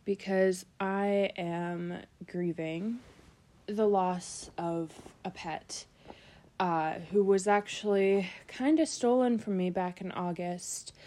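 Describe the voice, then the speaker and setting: A woman's voice: mid-range voice, dark tone. Woman with a groggy morning voice. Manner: slow, subdued and sorrowful, with many ums. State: groggy morning voice, just woken up. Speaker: podcast host. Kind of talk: casual solo podcast talk.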